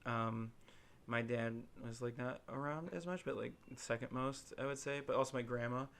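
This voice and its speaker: A man's voice: mid-range voice, normal speed, creaky. A young man from Illinois co-hosting a podcast, telling stories in a rambling way with lots of fillers. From Illinois, USA. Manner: rambling, filler-heavy storytelling with animated quoted voices. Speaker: podcast co-host. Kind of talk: casual chat.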